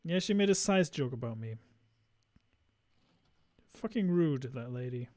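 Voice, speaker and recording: A man's voice: medium pitch, animated, a little slow, warm tone, dry recording, clean studio sound. A man streaming a game, chatting casually in a blunt, offhand way. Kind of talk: casual gameplay commentary.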